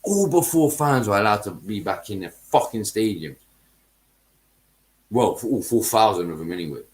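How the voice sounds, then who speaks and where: A man's voice: fairly low pitch, lively intonation, moderate pace, darkish tone, slight background noise. A man hosting a football podcast, ranting heatedly in casual chat, swearing and using heavy street slang.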